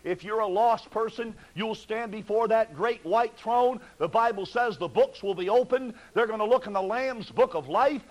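A man's voice: sits high, moderate pace, few pauses, rough recording. A man preaching a fervent sermon from the pulpit, pleading with his listeners through repeated rhetorical questions.

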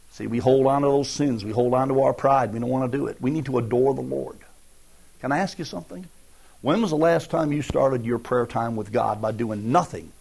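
A man's voice: mid-range voice, creaky, a little mellow. Folksy preacher, man. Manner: folksy, conversational preaching with acted asides. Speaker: pastor. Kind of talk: sermon.

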